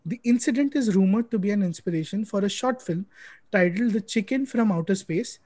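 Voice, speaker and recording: Fields: Sex: man. Role: quiz host. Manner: brisk, chatty. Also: high-pitched, lively intonation, dark tone, no room sound. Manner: brisk, chatty, reads names off quickly. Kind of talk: live-streamed quiz hosting.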